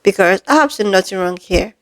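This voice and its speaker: A woman's voice: medium pitch, animated, brisk, poor audio. A woman vlogger giving heated commentary to camera, firing off emphatic rhetorical questions and calling her viewers "lovelies". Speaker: commentary creator.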